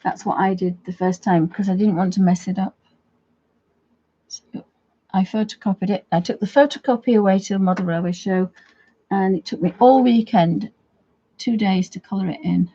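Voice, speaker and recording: A woman's voice: medium pitch, moderate pace, mellow, slightly rough, lo-fi sound. A woman chatting casually as she walks through a coloring tutorial at home, rambling a little as she works. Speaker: craft video host.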